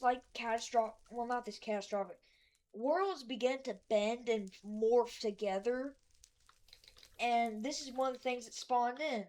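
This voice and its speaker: A woman's voice: fairly high pitch, darkish tone. A woman giving a casual voice-over of her game world, rambling and hesitant, with lots of fillers, restarts and self-deprecating asides. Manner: self-deprecating about her own work. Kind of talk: casual voice-over narration of gameplay.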